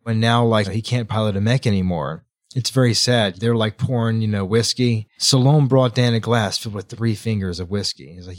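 A man's voice: on the low side, no echo, studio quality. A man co-hosting a podcast, retelling a novel's chapters in a loose, rambling way with lots of "like" and "right?". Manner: rambling recap full of "like" and "right?". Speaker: podcast co-host. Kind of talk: casual book-club chat.

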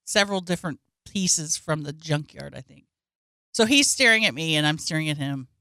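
A woman telling a story in casual podcast chat, animated and often laughing. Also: low voice, moderate pace, no echo, studio quality.

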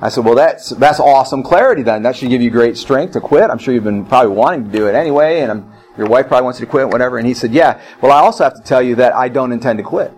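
A man's voice: mid-range voice, fast, a little mellow, poor audio. A middle-aged male pastor preaching a sermon, repeating phrases and telling personal stories.

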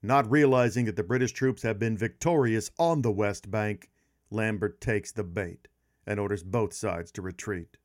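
A man hosting a history podcast, telling a battle story with emphatic pauses and slowed-down stress on key points. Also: fairly low pitch.

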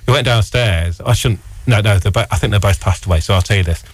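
A man with a fairly low voice chats as a radio guest. He tells long, meandering anecdotes, stacking fillers and false starts as he goes. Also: fairly quick, dry recording. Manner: rambling storyteller, frequent fillers and restarts. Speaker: radio guest, record dealer. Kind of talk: casual chat.

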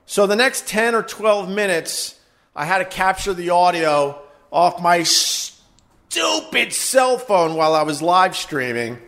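A man hosting his podcast, ranting heatedly with swearing and shouted bursts, recorded in a home studio. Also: high voice, big pitch swings, slow pace. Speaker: podcast host. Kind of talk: casual monologue rant. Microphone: high quality recorder.

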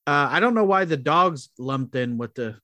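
A man hosting a casual podcast chat, relaxed and hesitant, with many fillers. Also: fairly high pitch, normal speed, no room sound. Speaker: podcast host.

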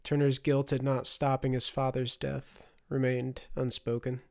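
A man reads a fantasy audiobook in a mid-pitched voice, keeping a measured, dramatic storytelling pace. He leans into the tension of the scene without rushing it. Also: level tone, vocal fry, darkish tone. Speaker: audiobook narrator. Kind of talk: scripted narration.

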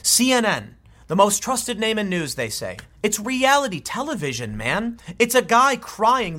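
A man's voice: high-pitched, sing-song, normal speed, sharp tone. A man giving an opinionated commentary monologue, emphatic and often restarting his sentences. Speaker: political commentator.

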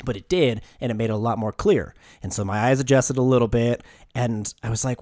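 A man's voice: medium pitch, lively intonation, fast talker, a little mellow, dry recording, studio quality. A young American man co-hosting a podcast, telling a story in casual chat and swearing often. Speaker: podcast co-host.

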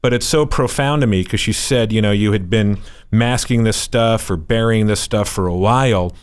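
A man's voice: on the low side, moderate pace, clean tone. A man hosting a podcast interview, reflecting thoughtfully and affirming his guest with short agreements. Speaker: podcast host. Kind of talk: interview conversation.

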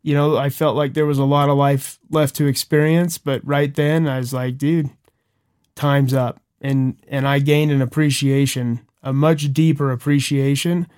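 A young man co-hosting a podcast, telling a personal story in casual chat, earnest and animated with chuckles and restarts. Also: medium pitch, moderate pace, clear, resonant tone. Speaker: podcast co-host.

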